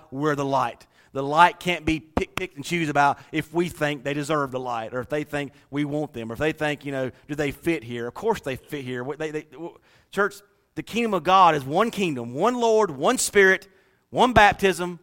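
Southern male pastor, folksy sermon, bright ringing tone. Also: a little high, moderate pace. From North Carolina. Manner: folksy, joking with the congregation. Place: church.

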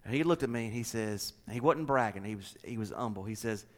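A middle-aged man with a Southern US accent, a pastor chatting casually and telling a story with animated delivery and repeated words. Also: on the low side, brisk, hardly any pauses. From American South. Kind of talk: casual chat with co-hosts.

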